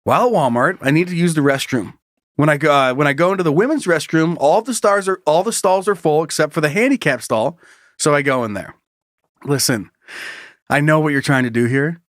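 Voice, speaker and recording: A man's voice: on the high side, brisk, fairly bright tone, no room sound, clean studio sound. A man co-hosting a casual comedy podcast, reading a listener's story aloud and acting out the voices, laughing often.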